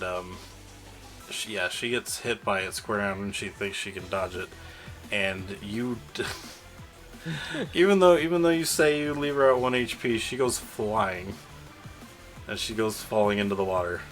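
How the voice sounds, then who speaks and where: A man with a fairly low but bright, forceful voice narrates as game master. He rambles and laughs as he goes, slipping into side characters. Faint music runs underneath. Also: measured pace.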